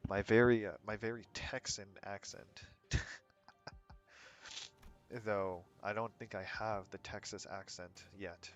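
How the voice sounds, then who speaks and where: A man's voice: fairly low pitch, steady tone, a little slow, long pauses, soft background music. An American man streaming a game, chatting in a rambling, laid-back way and answering his chat with frequent chuckles. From United States. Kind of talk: casual chat while gaming.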